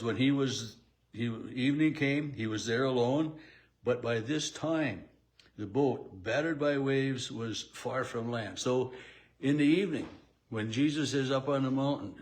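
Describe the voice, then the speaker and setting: A middle-aged man teaching a daily Bible devotion in an easy, talky manner. He speaks at an ordinary middle pitch, often circling back with fillers and restarts as he explains the passage. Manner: conversational, many fillers and restarts. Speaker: pastor.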